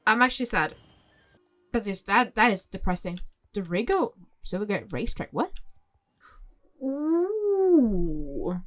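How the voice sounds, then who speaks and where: A young woman hosting a gaming channel, giving casual gameplay commentary with expressive, exclaiming reactions as she thinks aloud. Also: mid-range voice, takes it slowly, long pauses, faint music behind.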